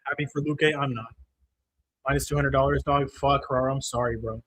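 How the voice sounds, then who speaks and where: A young man hosting a live stream, swearing constantly and venting his frustration over a lost bet. His voice sits at an ordinary middle pitch, and he answers chat comments in a casual, irritated way. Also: steady tone, fairly quick, a bit bright, a little hiss or hum. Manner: profane, frustrated ranting; reads chat comments aloud. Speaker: livestream host.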